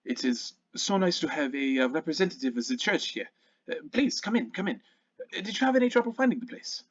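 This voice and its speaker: A nervous, fussy manor host who stammers his welcomes in a high, flustered voice that swoops up and down, as a man puts him on at a tabletop game. The sound is slightly muffled and lo-fi. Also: expressive, fairly quick. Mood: flustered welcoming.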